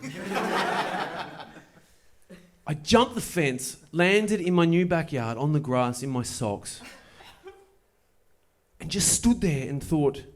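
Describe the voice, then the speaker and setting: A man doing stand-up, telling a story with wry, deadpan delivery and playful asides. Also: on the high side, measured pace. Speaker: stand-up comedian. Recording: live show with audible noise. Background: audience laughter.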